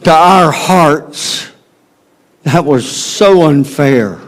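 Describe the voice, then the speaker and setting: Southern US male pastor, slow dramatic sermon delivery, emphatic then hushed. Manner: dramatic, swings from loud emphasis to hushed low tones.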